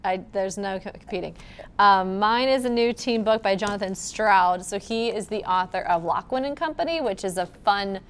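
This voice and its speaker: Relaxed woman librarian, chatty. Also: medium pitch, moderate pace, smooth. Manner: relaxed, lots of "like" and "you know" fillers. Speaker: children's librarian, co-host. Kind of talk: casual chat about books. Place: public library.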